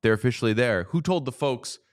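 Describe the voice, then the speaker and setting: Animated and a little fast, a man with a medium-pitched voice hosts a sports podcast in casual chat. He's playful and teasing, jumping into sing-song bits.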